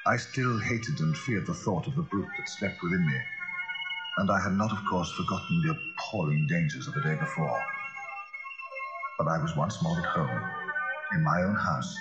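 A man reading a classic novel as scripted narration, in a dramatic, expressive manner. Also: low voice. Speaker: audiobook narrator. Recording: dull lo-fi recording.

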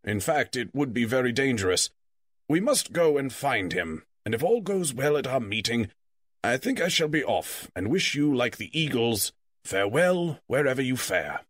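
A man reading the part of Gandalf, a stern and testy old male wizard, in measured, lecturing tones. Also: mid-range voice, very animated, no room sound, clean studio sound. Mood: grave. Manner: measured, lecturing, quick to scold. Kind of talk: audiobook character reading.

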